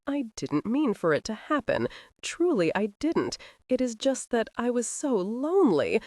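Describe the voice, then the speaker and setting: A mischievous young noblewoman, as a woman narrator puts her on, purrs her barbs with sweet sarcasm. The voice rises higher and swoops with lively, playful inflection. It sits close and dry. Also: measured pace, dry recording. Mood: mock guilty. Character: young witty noblewoman, teasing and theatrical.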